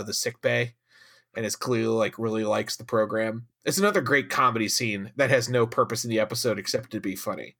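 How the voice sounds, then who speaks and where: A man on a casual podcast, retelling a scene with lively storytelling. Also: mid-range voice. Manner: animated storytelling, acts out scenes. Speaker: podcast co-host. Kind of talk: casual chat.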